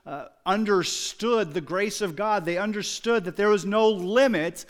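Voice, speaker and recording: A man preaching a sermon, moving from quiet, reflective storytelling to loud, emphatic exclamations. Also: sits high, measured pace. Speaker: pastor.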